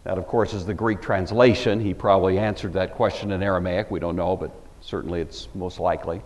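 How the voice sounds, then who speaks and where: A man teaching a Bible lecture, telling the story with animated emphasis. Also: low-pitched, fairly quick, long reverb tail.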